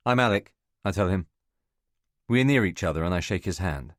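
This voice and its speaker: A man giving measured, scripted first-person narration of a novel for an audiobook. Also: sits low, animated, dry recording, studio quality.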